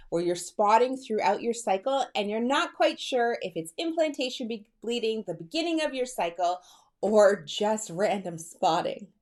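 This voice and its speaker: Excited chatty woman fertility coach. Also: mid-range voice. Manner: chatty, excited and personal, calls viewers girl and sis. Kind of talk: direct-to-camera coaching talk.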